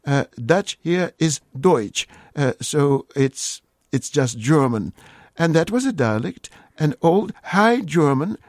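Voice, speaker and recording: A man's voice: fairly high pitch, a little mellow, dry recording, studio quality. A man, a guest linguist on a radio call-in show, explaining word origins in a hesitant, lecturing way with many fillers.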